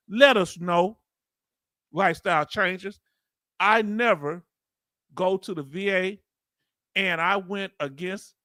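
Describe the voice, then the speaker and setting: A man's voice: high voice, bright, forceful tone, dry recording, clean studio sound. A middle-aged man, hosting a casual stream, joking and calling his viewers family. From United States. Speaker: YouTube host reacting to a hearing. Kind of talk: casual live-stream chat reading comments.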